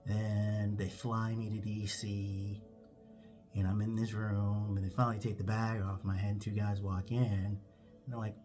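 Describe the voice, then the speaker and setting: A man telling a comic story, animated and acting out every character. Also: lowish voice, unhurried, faint music behind. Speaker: comedian.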